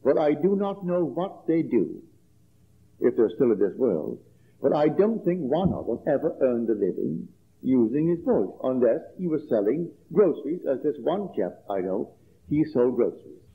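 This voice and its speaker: A man giving a spiritual lecture, telling a personal story in a measured, emphatic way and repeating his key phrases. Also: mid-range voice, sing-song, creaky. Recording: tinny lo-fi archival tape.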